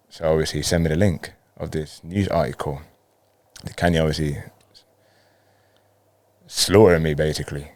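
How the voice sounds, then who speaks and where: Deep-voiced laid-back footballer. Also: male voice, fairly even intonation, a little mellow, no echo. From Colombia. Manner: laid-back, acts out dialogue in quick bursts. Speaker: professional footballer, guest. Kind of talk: casual storytelling interview.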